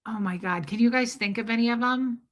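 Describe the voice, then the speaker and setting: A woman's voice: fairly high pitch, fairly quick. A woman hosting a livestream in casual chat with viewers, telling stories freely, laughing and swearing as she goes. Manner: chatty storyteller who laughs and swears freely. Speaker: livestream host.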